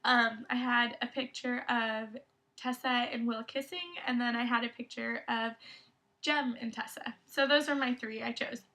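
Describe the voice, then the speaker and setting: A young woman co-hosting a casual chat, telling a story in an excitable, giggly way. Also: a little high, normal speed. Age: young adult. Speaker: podcast co-host.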